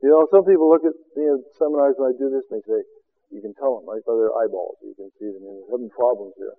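A man preaching a sermon as a seminar teacher, firing rhetorical questions and swinging from loud exclamations to quiet asides. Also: mid-range voice, fast talker, husky, phone-quality sound.

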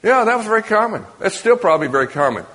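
Guy preaching casually, asks the crowd stuff, slightly higher voice, long echo from a big hall. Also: sing-song, fast, a bit bright. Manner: conversational, asks the audience questions. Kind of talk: sermon to a congregation. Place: church or meeting hall with an audience. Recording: long reverb of a large hall.

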